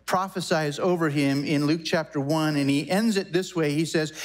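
A man in his forties preaching a sermon as a pastor, animated and conversational, with quick asides and self-corrections. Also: on the high side. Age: 40s.

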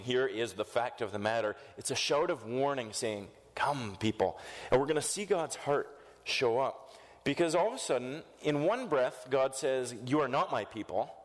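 A man preaching a sermon, telling the story in a lively way and acting out the quotes. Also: on the high side. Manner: animated storytelling with voiced quotes. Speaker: pastor. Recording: echoey hall reverb.

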